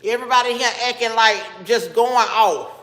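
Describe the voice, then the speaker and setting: A woman's voice: fairly high pitch, moderate pace, pushed and bright. A woman hosting a casual live stream, talking straight to her viewers and bluntly scolding the commenters. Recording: echoey room with long reverb.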